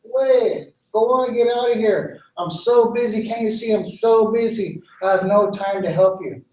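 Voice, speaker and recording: A man plays a busy female oak tree, snapping that she has no time, in a clearly raised voice. It belongs to a spoken folk tale. The voice sounds distant and hollow with long echo. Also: high-pitched, a little mellow, pitched above the performer's own voice, close to an everyday voice. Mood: impatient. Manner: brusque and hurried. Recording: echoey, distant, lo-fi hall recording.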